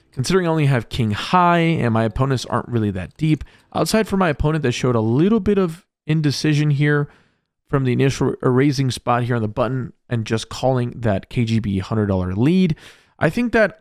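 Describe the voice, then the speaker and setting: A man's voice: medium pitch, no echo, studio quality. A man narrating his poker hands as a vlog voice-over, upbeat and jokey in a play-by-play way. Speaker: poker vlogger. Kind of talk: voice-over hand recap.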